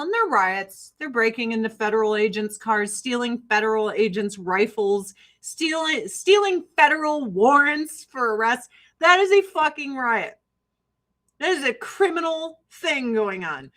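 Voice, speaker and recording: On a low-quality recording, a middle-aged livestream host selling skincare talks in a slightly high, animated, fairly bright voice at a somewhat slow pace. She is from Illinois with a Chicago-area Midwestern accent, and her casual, profane rambling is full of laughter and impressions of people.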